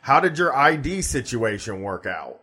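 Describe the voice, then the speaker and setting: A man's voice: mid-range voice, sing-song, normal speed, bright, forceful tone, slightly rough. A man hosting a casual comedic talk show who laughs often and rambles. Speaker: radio talk show host.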